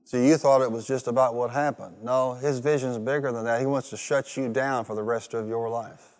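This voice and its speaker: A man's voice: mid-range voice, fairly even intonation, normal speed, big-room sound. A male pastor preaching a rousing sermon, leading the congregation in call-and-response. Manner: rousing, call-and-response, rising to loud peaks.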